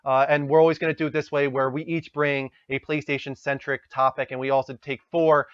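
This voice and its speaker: A man's voice: medium pitch, flat delivery, a little fast, fairly bright tone, clean tone, no echo. A man hosting a casual gaming podcast, talking enthusiastically and thanking followers. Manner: enthusiastic, wraps up and reads out thanks. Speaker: podcast host. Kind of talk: casual chat. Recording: dull lo-fi dry sound.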